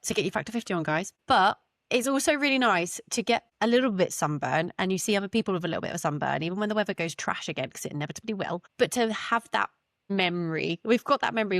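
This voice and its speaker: A young adult woman, a podcast co-host, chatting casually in a blunt, sweary, animated way. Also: mid-range voice, quick pace, dry recording, clean studio sound. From Britain. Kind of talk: casual chat.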